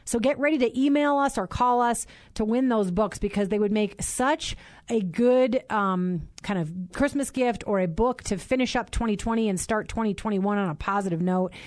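A woman's voice: mid-range voice, moderate pace, darkish tone, dry recording, clean studio sound. A woman in her forties hosting a Christian radio talk show, chatty and bubbly, laughing often. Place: radio studio.

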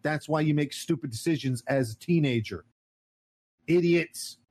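A man's voice: on the high side, moderate pace, darkish tone. A man ranting in casual podcast chat, heated and profane. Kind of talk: casual political rant.

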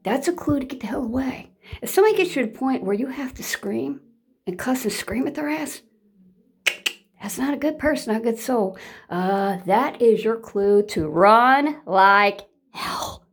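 A woman's voice: a little high, animated, moderate pace, husky. A woman talking straight to her viewers in a casual monologue. She is blunt and emphatic, repeats herself for emphasis, and swears freely.

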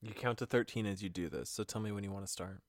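A young woman co-hosting a spooky vlog, casual, blunt and quick to laugh and swear. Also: very deep voice, no room sound, studio quality. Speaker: co-host. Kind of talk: casual chat.

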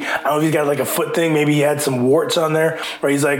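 A man's voice: a little high, fast, few pauses, a little hiss or hum. Chatty preacher man in an echoey room. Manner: chatty, animated, acts out voices in retellings. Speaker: pastor. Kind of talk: casual sermon.

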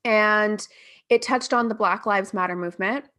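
A woman's voice: medium pitch, normal speed. A woman hosting an interview, casual and enthusiastic, lavish with praise and cursing lightly. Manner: warm, enthusiastic, casual swearing. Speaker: podcast host.

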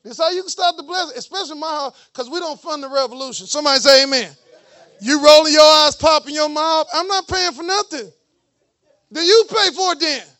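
A man preaching a lively sermon in church, with joking, mocking asides to the congregation. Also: very high voice, brisk. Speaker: pastor.

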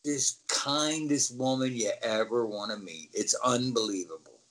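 Over poor-quality audio, a middle-aged man who used to wrestle relaxes into casual backstage storytelling as an interview guest. His medium-pitched voice moves unhurriedly, but he gets animated, mimicking the people in his tales and yelling.

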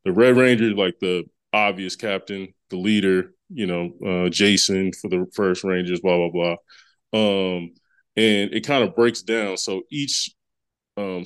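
Low-voiced man recapping a comic. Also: no echo. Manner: rambling, many fillers and restarts. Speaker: podcast co-host. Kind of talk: casual comic book recap.

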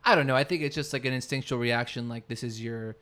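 A man's voice: mid-range voice, quick pace, fairly bright tone. A man co-hosting a podcast in casual chat, rambling and searching for his words mid-sentence. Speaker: podcast co-host.

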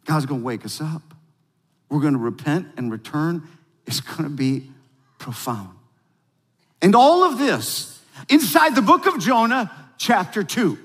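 A male pastor preaches with rising energy, leaning on repetition and calling the room to answer back. His voice sits high for a man. The sound rings with the long reverb of a large hall. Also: a little slow, long pauses, husky. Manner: energetic, emphatic preaching with call-and-response. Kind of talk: sermon.

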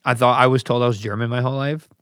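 A man's voice: mid-range voice, fairly even intonation, rapid-fire, fairly bright tone, clear, resonant tone, dry recording. Male podcast host, casual and teasing, laughs a lot, dry close sound. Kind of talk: casual chat.

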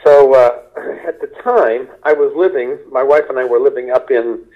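An older man from Kentucky, a stand-up comedian being interviewed, telling unhurried anecdotes and mimicking people in quotes. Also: mid-range voice, highs cut off. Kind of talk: relaxed storytelling interview.

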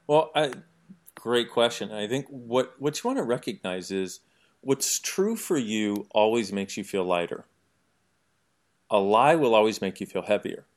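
A man talking as an interview guest, animated and jokey, explaining his ideas through everyday examples. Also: on the low side, measured pace. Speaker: podcast guest. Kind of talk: conversational interview.

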